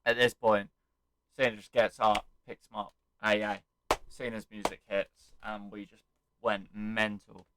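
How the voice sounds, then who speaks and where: A man's voice: fairly low pitch, flat delivery, a little slow, noisy background. A young man recapping an event he attended, telling it animatedly and acting out the quotes and chants. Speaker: wrestling fan vlogger. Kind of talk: excited casual recap.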